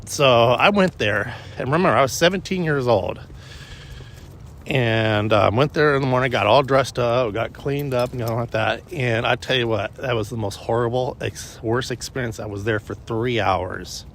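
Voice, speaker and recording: A man's voice: mid-range voice, moderate pace, a bit bright, a little hiss or hum. A man vlogging casually on a morning walk with his dog, telling a rambling personal story with restarts and swearing.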